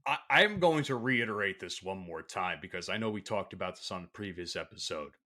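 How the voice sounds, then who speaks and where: A man co-hosting a podcast, talking sports in animated, opinionated casual chat. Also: sits low, a little fast. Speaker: podcast co-host.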